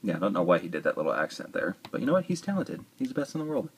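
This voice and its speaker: A man's voice: on the low side, very animated, very fast, husky. A man casually reviewing a toy, chatty and rambling, with joking asides.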